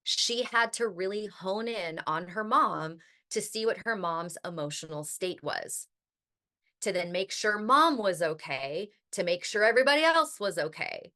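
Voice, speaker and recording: A woman's voice: medium pitch, animated, measured pace, pushed and bright. A woman hosting a podcast in a chatty, casual monologue, filling her talk with "like" and the odd swear word. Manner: chatty, heavy use of "like", occasional swearing. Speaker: podcast host.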